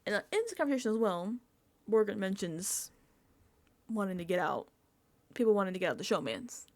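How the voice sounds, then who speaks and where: A woman giving a casual, emphatic reality-show recap and reaction, talking fast with lots of fillers. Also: medium pitch. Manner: animated, emphatic, filler-heavy chatter. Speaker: recap vlogger.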